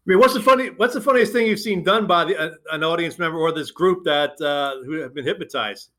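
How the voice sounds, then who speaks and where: High, bright-voiced male podcast host. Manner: halting, many fillers and restarts while asking questions. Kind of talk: podcast interview.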